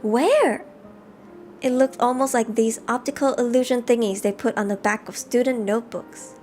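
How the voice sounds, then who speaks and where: A woman live-streaming a game, reading the story text aloud and chatting with viewers in an animated way. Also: on the high side, normal speed, faint music behind. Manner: animated, chatty, reads narration aloud between chat replies.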